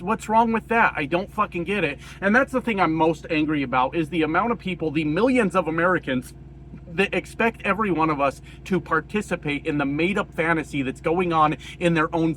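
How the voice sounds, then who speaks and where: A man from rural Colorado giving a casual, profane political rant, hoarse and coughing, rambling with many fillers. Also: fairly high pitch, a bit bright, a little hiss or hum. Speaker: political commentator.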